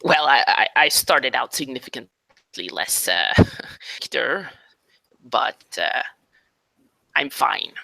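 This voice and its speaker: A man playing a wounded character in a tabletop game, with a gravelly voice. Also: medium pitch, expressive, slow pace, pauses often, sharp tone, no room sound. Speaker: player. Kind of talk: tabletop role-play.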